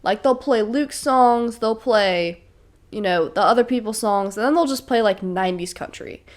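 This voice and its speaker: A woman's voice: mid-range voice, moderate pace. A young woman, slightly sick, hosting her own podcast in an enthusiastic, chatty way full of fillers. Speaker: podcast host. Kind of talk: casual solo podcast chat.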